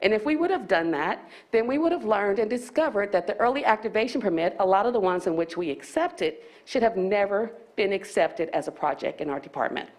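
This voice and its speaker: A woman's voice: medium pitch, animated, brisk, few pauses, darkish tone. A county staff woman presenting at a public board meeting, slightly out of breath, explaining ordinance rules and reading legal text aloud with small restarts.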